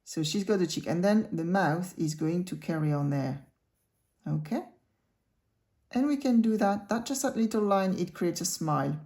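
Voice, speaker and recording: A woman's voice: on the low side, animated, normal speed, mellow. Woman teaching cartoon drawing. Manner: chatty, talks the viewer through each stroke. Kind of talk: casual drawing tutorial.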